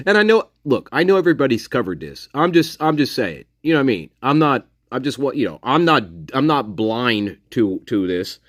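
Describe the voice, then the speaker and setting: A man's voice: medium pitch, sing-song, moderate pace, few pauses, fairly bright tone, no room sound, studio quality. A man giving angry, profane commentary on a case, mocking others with sarcasm and repeating himself for emphasis. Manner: sarcastic, mocks others in put-on voices. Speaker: true-crime commentator.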